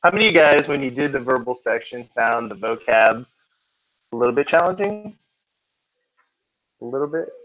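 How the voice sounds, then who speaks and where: A man's voice: medium pitch, lively intonation, moderate pace, pauses often, fairly bright tone. A man tutoring a class for a test, chatting and joking with his students in a classroom. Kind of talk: classroom teaching. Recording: dull lo-fi classroom recording.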